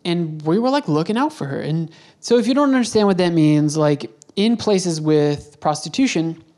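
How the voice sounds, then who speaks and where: A man's voice: fairly high pitch, lively intonation, moderate pace, darkish tone. A man hosts a podcast and tells a travel story in an easygoing, conversational way. He rambles, backs up and corrects himself as he goes. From United States. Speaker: podcast host.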